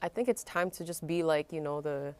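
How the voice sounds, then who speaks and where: A woman from Vancouver, Canada, chatting candidly as a podcast guest and telling animated stories peppered with swearing. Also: sits low, a little fast. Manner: candid, animated storyteller with frequent profanity. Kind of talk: casual chat.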